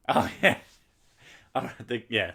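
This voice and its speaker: This man's voice sits mid-range, gravelly and slightly rough yet fairly bright. Streaming games live, he chats and rambles loosely, cursing often and poking fun at himself.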